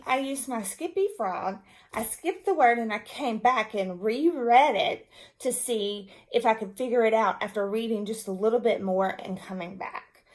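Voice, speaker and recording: Patient woman teacher, slow and very expressive, walks kids and parents through reading steps. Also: on the high side. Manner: slow, patient, demonstrative explanation. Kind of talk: reading lesson for young children and parents.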